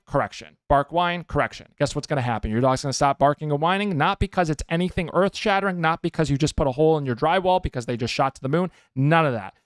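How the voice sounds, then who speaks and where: A man's voice: medium pitch, clean tone, no echo, clean studio sound. A man who trains dogs, hosting a podcast and giving emphatic advice, often checking in with listeners. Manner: emphatic, keeps checking in with "okay?". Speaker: dog trainer, podcast host. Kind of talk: casual advice talk.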